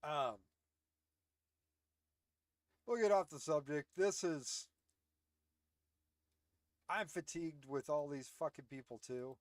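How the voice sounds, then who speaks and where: Measured in pace and slightly high in pitch, a man speaks on a dry recording. He's hosting his own casual commentary show from home, ranting bluntly and sarcastically, swearing plenty, with a close headset mic.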